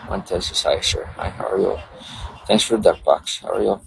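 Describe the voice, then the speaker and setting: A man's voice: deep voice, fairly quick, vocal fry, slightly rough, no room sound, poor audio. A man hosting a casual livestream, rambling chattily and greeting viewers by name. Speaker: livestream host. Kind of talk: casual live-stream chat.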